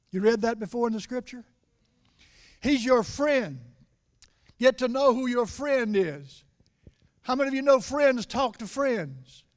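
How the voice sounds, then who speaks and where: Delivering a sermon, this high-voiced, middle-aged male preacher shifts from emphatic, loud passages to soft asides that feel confidential. When a word matters, he lingers on it, slowing his pace so it hits home.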